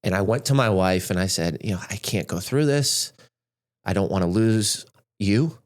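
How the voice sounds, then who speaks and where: A man's voice: lowish voice, normal speed. A man in his thirties, a podcast guest and speaker with a Middle Tennessee accent, sharing a personal story in an earnest, heartfelt way. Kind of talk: candid conversational storytelling.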